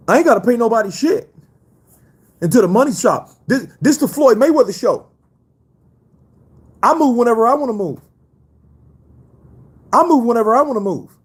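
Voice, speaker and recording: A man doing an impression of a boastful, flashy rich champion boxer who brags loudly and repeats himself. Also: husky, full character voice. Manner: loud bragging, repeats himself, high-pitched.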